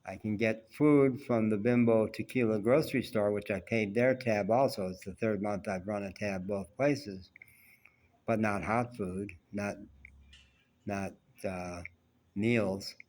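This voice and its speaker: A man with a somewhat low voice talks straight to his viewers in a loose, rambling vlog. He tells stories from his day candidly and reflects on them as he goes. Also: fairly even intonation, a little slow, a little mellow, a little hiss or hum. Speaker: vlogger. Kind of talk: casual personal storytelling.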